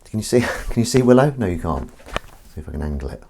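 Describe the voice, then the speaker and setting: Chatty man, lively pitch. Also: fast, creaky, slight background noise. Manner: rambling, self-mocking, coos at his cat. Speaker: live streamer. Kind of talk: casual chat while washing up. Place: home kitchen. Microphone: desk microphone.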